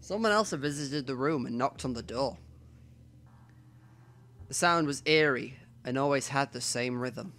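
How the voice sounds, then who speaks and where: A man's voice: medium pitch, measured pace, pauses often, slight background noise. Man reading a visual novel aloud. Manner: reads narration aloud with quiet asides. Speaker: let's play narrator.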